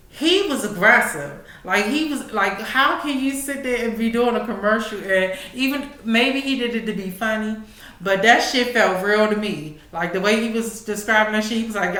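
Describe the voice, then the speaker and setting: Bright-voiced chatty woman from D.C. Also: medium pitch, roomy sound. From Washington, D.C. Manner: profane, chatty, laughing. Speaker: podcast host. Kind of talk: casual commentary.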